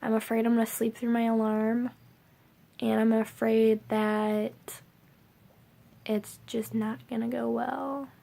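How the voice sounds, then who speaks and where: A woman's voice: on the high side, level tone, slow pace, vocal fry, dark tone. A young woman vlogging to camera, rambling casually with lots of filler words.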